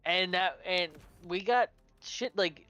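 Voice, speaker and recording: A man's voice: sits high, takes it slowly, bright, forceful tone, clear, resonant tone, soft background music, poor audio. A man telling rambling, profane gaming stories in casual chat as a podcast co-host.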